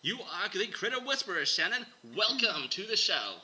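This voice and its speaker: An overeager Australian wildlife host gushes about the animals, as a man puts him on. His tone is bright and sharp, pitched above his normal speaking voice, and loud and hammy throughout. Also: lively intonation, normal speed, slight background noise, full character voice, low-quality recording. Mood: gushing. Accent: put-on Australian.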